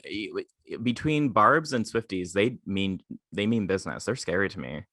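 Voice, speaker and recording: A man's voice: on the low side, animated, normal speed, sharp tone, dry recording, studio quality. A man co-hosting a podcast in casual chat, rambling with stammered restarts and plenty of fillers. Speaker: podcast co-host.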